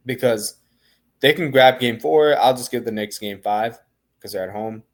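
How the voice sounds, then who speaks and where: A man co-hosting a casual sports podcast, giving relaxed, analytical breakdowns. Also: medium pitch, normal speed. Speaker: podcast co-host.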